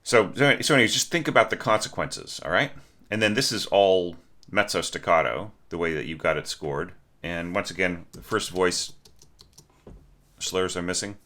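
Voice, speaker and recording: Low-voiced guy going over a student's score, bright forceful tone, chatty, hums little notes to show phrasing. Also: moderate pace. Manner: conversational, asks questions, sings short notes. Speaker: orchestration teacher. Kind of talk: spoken score critique.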